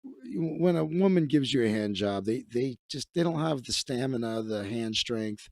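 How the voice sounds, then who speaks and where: A man's voice: medium pitch, expressive, normal speed, gravelly, a little mellow, dry recording, studio quality. A man hosting a comedy livestream, riffing crudely and profanely with lots of restarts. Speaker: livestream host. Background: faint music playing.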